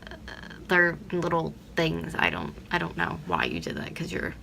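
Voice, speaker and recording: Low, gravelly young woman ranting. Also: sing-song, moderate pace, bright, forceful tone, a little hiss or hum. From Pennsylvania, USA. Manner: blunt, swears freely, heavy use of "like". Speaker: vlogger. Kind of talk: ranting vlog.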